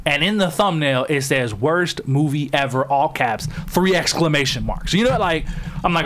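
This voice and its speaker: Male podcast co-host, casual review chat, profane ranting delivery, slightly high and very lively pitch. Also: normal speed, slight background noise. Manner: animated, profane ranting with mocking quoted voices.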